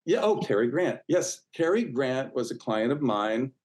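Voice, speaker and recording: This sixty-something man speaks at a moderate pace in a mid-range voice with lively intonation, and the recording is rough. As a guest in a relaxed interview, he spins warm, chatty stories packed with fillers and restarts, performing the quoted voices.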